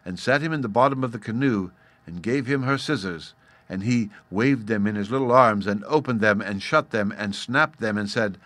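A man narrating a children's storybook audiobook in a measured way. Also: on the low side, a bit bright, no room sound.

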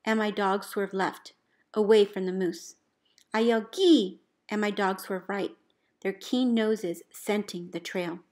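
A woman, a teacher, reading a picture book aloud in an expressive storybook voice, calling out the commands with gusto. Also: mid-range voice, unhurried. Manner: expressive, calls out dog commands loudly.

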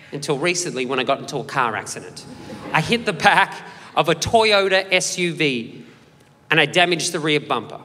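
A man's voice: on the high side, in a large hall. A young man in his late twenties with an Australian accent, telling stories in a stand-up comedy set and slipping into character voices. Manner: animated storytelling, switching into character voices. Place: comedy venue stage.

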